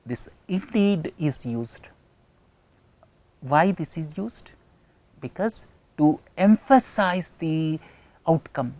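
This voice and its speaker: Indian English woman teaching, very low voice. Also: warm tone, no room sound. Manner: explanatory, repeats key phrases for emphasis. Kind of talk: recorded lecture explaining an editorial.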